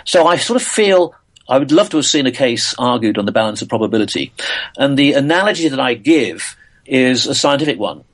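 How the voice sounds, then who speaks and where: An older man from England talks through his answers as a guest on an interview show. His pitch sits in the middle of the range for a man, and he speaks in a thoughtful, halting way, with frequent uhs and small restarts. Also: sing-song. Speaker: physicist and author guest.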